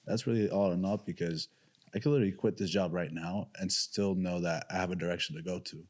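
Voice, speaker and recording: Low-voiced man, sincere guest. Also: fairly even intonation, fast talker. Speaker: guest security guard. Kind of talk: casual interview.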